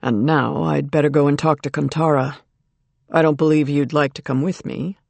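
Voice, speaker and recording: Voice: medium pitch, fairly even intonation, moderate pace, gravelly, no echo, lightly acted. Audiobook role: firm, watchful male ally, voiced by the narrator, dry studio sound. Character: protective, watchful adult man.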